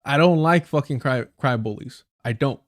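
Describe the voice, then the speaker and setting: A man with a mid-range voice hosts a livestream at a moderate pace, in a dry, studio-quality recording. His casual, ranting commentary is blunt, profane and slangy, and he tells stories by repeating phrases for emphasis and correcting himself mid-sentence.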